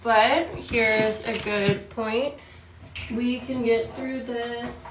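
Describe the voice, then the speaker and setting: Woman, out of breath, weary, slow talk, roomy and distant sound. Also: mid-range voice, flat delivery, noisy background. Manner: weary, speaking softly and slowly. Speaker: vlogger. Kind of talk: casual personal vlog. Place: hospital room, then home.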